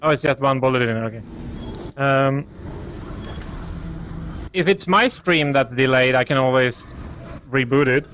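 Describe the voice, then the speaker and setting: A man streaming a game, chatting casually in a hesitant, soft-spoken way with many restarts. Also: mid-range voice, unhurried, pauses often, slight background noise. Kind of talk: casual chat while gaming.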